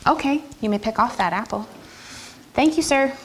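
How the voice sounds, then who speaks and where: At a normal speed, a woman teaching music to a first-grade class gives firm, clear instructions, occasionally singing or going high to show a rhythm. There's slight background noise.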